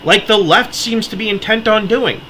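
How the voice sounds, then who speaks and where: A man's voice: high-pitched, normal speed, pushed and bright, a little hiss or hum, rough recording. An American man delivering an impassioned political monologue, heated and pleading, his voice cracking as he gets worked up. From United States. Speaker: political commentator.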